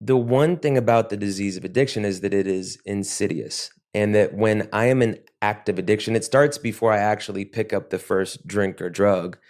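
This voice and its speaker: A man as an interview guest, speaking reflectively and haltingly with many restarts. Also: lowish voice, a little mellow. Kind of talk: podcast interview.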